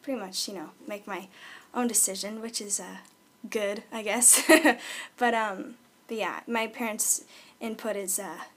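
A woman's voice: medium pitch, fairly even intonation, measured pace, a bit bright. A young woman singer answering interview questions in an easygoing, giggly way with many fillers. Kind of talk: casual interview chat.

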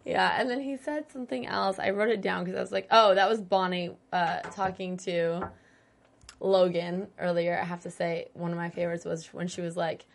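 A woman's voice: lowish voice, steady tone, moderate pace, vocal fry. A woman in casual chat about a sitcom episode, agreeable and laughing often, with many fillers like "like". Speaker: podcast co-host.

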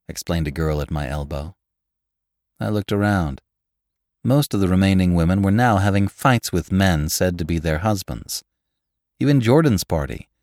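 A man narrating a classic novel in an expressive, measured reading. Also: sits low, no room sound, clean studio sound. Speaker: audiobook narrator.

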